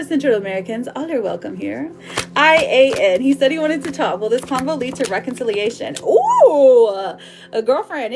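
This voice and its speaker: A woman giving a live-streamed tarot reading in a chatty, affectionate way, calling her viewers darling and my love. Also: a little high. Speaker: tarot reader.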